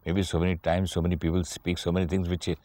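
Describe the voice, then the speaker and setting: A man's voice: deep voice, completely flat delivery, fast, mellow. A man, a talk show host asking probing follow-up questions. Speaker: interviewer host.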